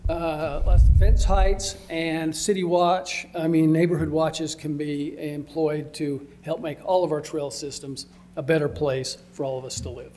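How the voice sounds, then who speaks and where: A man arguing a point during public comment at a city council meeting, halting, with restarts and trailing sentences. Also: a little high, flat delivery, warm tone, a little hiss or hum. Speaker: resident speaking at public comment.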